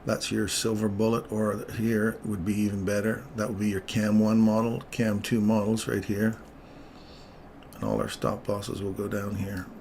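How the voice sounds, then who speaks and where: Gravelly man calling live trades. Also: fairly low pitch, moderate pace, a little hiss or hum. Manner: playful, teasing, excitable calls. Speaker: live-stream trading host. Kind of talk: live trading commentary.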